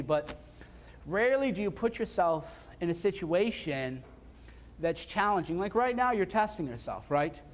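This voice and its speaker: A man's voice: fairly high pitch, a little hiss or hum. A man speaking casually and bluntly to a live seminar audience, repeating points for emphasis. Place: seminar room before an audience.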